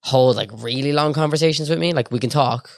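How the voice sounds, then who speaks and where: A young man with a Dublin accent, chatting as a podcast guest in a quick, easygoing way with lots of fillers. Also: mid-range voice, creaky, no room sound, clean studio sound. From Ireland. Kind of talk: casual interview chat.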